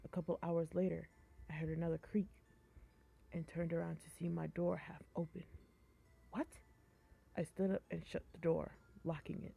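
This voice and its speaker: A young woman streamer reading a horror story aloud in a flat, even tone, stumbling over words and chatting between passages. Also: lowish voice, creaky, breathy edge. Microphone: phone mic. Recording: tinny phone-like live-stream audio.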